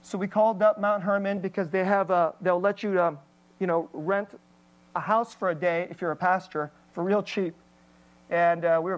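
A woman's voice: fairly low pitch, steady tone, normal speed, muffled recording. A woman pastor giving an emotional, candid personal testimony in a sermon, with plenty of fillers and restarts.

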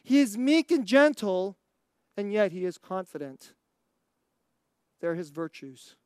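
Slow, dry-sounding preacher asking questions. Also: mid-range voice, sing-song, smooth, no echo. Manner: rhetorical questions, laughs between points. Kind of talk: sermon.

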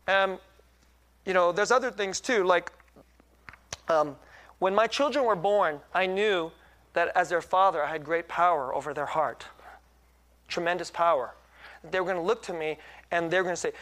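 Preaching in a chatty, self-deprecating style, a middle-aged male pastor keeps asking tag questions to check on his listeners. He has a high, fairly bright voice and speaks at a moderate pace.

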